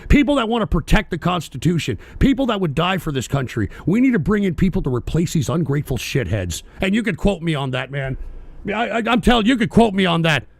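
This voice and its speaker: Man, very high voice, gravelly, profane angry radio host, shouting rants. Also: sing-song, quick pace, no echo. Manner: profane, ranting, often shouting. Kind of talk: angry political rant.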